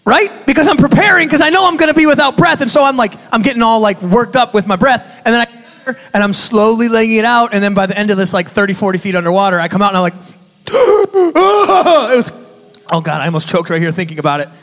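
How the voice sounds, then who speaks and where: A man with a high voice delivers a sermon as a youth pastor, telling stories with lively, conversational asides to the room. His voice rings out in a long-reverb church hall. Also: quick pace. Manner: animated storytelling, conversational asides to audience.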